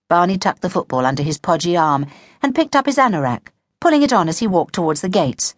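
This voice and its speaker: A woman narrating a children's audiobook in an expressive storytelling manner, on a close studio mic. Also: lowish voice, quick pace, no echo.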